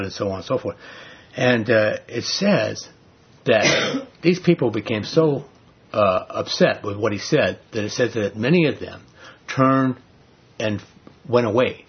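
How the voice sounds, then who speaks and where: Husky earnest male preacher. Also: on the low side, expressive, a little slow, long pauses, dull audio. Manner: earnest, storytelling with many restarts. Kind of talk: sermon.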